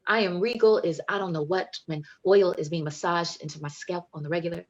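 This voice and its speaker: A woman's voice: lowish voice, fairly even intonation, fairly quick, highs cut off. A woman poet reading her poems with emphatic, playful delivery and chatting between them over a video call. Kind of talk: poetry reading and chat.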